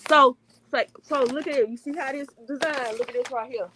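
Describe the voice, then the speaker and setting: A woman's voice: high-pitched, a little fast, sharp tone, slight background noise. A woman with a country American accent demonstrating crochet stitches on a livestream, explaining step by step and repeating her points. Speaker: crafter guest. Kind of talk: casual crafting demonstration.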